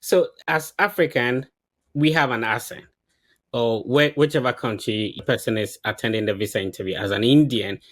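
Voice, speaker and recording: A man with a mid-pitched voice hosts an interview. He asks inquisitive, long-winded questions and sets out the context before getting to the point. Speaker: interview host.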